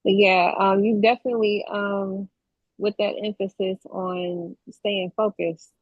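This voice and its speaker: A woman's voice: mid-range voice, little pitch movement, a little slow, no echo. A woman in a casual chat, speaking in an upbeat, encouraging way. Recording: dry, muffled lo-fi line.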